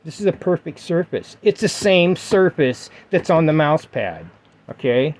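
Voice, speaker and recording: A man's voice: on the high side, big pitch swings, a little slow. A middle-aged man giving casual vlog advice to his viewers, emphatic and repetitive, with lots of fillers. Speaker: gaming vlogger. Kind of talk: casual vlog talk to camera.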